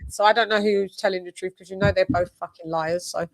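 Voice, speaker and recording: A woman's voice: lowish voice, steady tone, brisk, creaky. A woman hosting a casual podcast chat, blunt and swearing freely. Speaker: host.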